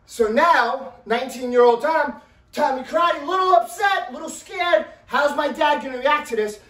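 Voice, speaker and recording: A man telling a story in a casual, animated way, with loud bursts and a habit of asking "right?". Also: extremely high pitch, moderate pace. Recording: roomy, mic at a distance.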